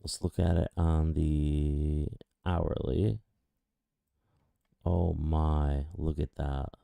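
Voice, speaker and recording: Excitable male chart streamer, slow deep delivery, dry close sound. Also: gravelly, dry recording. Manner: excitable, exclaiming, pleading with the chart. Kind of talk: excited live chart commentary.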